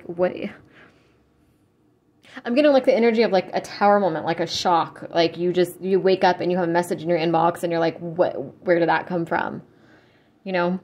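A young woman giving a casual tarot reading, chatty and full of fillers, blunt and quick to swear. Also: on the low side, a little mellow. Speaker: tarot reader.

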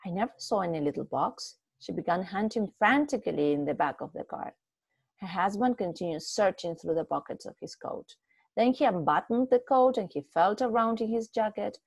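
A woman reading a short story aloud in a steady, expressive way, with a few small slips. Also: mid-range voice, moderate pace, vocal fry, slightly rough, dry recording. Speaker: story reader.

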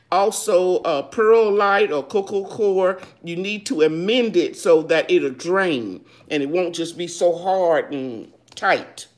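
A woman hosting a live gardening chat. She reads viewers' questions aloud and answers them in a homey, loose way, calling people baby. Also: medium pitch. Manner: loose, with fillers and restarts. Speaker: gardening show host.

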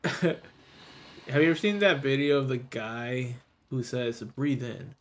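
A man chatting casually while playing a video game, often muttering quietly to himself between stories. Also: mid-range voice, takes it slowly. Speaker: gamer. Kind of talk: casual gameplay chat.

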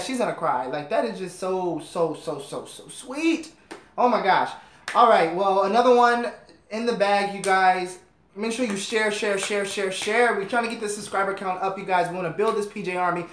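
A man's voice: sits high, fairly bright tone, roomy sound. A man hosting a music video reaction, gushing and playful as he comments. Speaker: host of a music reaction channel.

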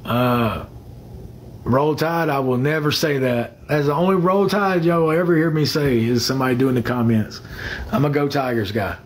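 A man's voice: medium pitch, moderate pace, husky. A man chatting casually on a phone livestream. He rambles, fills the gaps with "uh", and greets viewers by name.

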